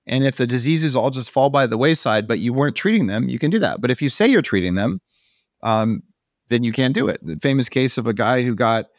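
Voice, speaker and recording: Animated male podcast host, dry sound. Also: medium pitch, fairly quick, no room sound. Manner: animated, emphatic when making a point. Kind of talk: conversational interview.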